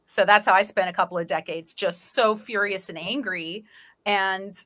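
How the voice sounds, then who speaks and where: Bright, candid woman podcast guest. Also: medium pitch, moderate pace. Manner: candid, animated, slangy, laughing easily. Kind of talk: casual podcast conversation.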